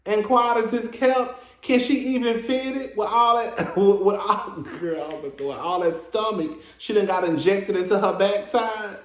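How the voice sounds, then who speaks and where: Speaking a little slowly but with hardly any pauses, a high-voiced man reviews a reality show episode in an echoey room. The talk is casual gossip, sassy and animated, with frequent laughter and plenty of "girl."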